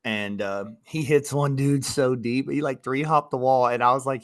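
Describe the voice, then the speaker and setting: Brief: male youth baseball coach, co-host, lively storyteller, mid-pitched voice, close dry recording with no room sound. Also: moderate pace, no echo. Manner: animated storytelling, quoting players. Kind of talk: casual podcast chat.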